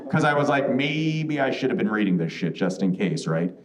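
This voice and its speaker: On a comedy club stage, a man performs a stand-up set, telling stories animatedly and voicing the people in them. His pitch is medium and his speed normal. The sound is roomy, with the crowd laughing.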